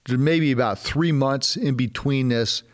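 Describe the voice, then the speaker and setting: Male pastor, mid-pitched voice, casual animated sermon, slangy asides. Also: moderate pace.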